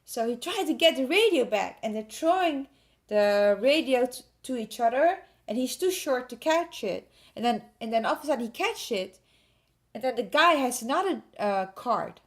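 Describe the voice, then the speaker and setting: High-voiced woman retelling a story. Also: moderate pace. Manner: animated storyteller, laughs often, acts out scenes. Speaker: podcast co-host. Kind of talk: casual chat.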